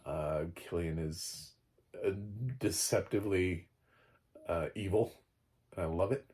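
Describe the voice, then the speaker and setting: A man giving a casual, digressive film review, opinionated and quick to laugh at his own slips. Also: low voice, darkish tone. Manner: opinionated, playfully exaggerated.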